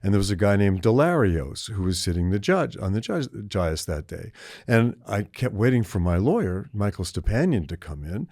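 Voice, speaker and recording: A man's voice: fairly low pitch, big pitch swings, moderate pace, a little mellow, dry recording, clean studio sound. An older man in his seventies, a podcast co-host telling a long story in casual chat, rambling with restarts and acting out the voices he quotes.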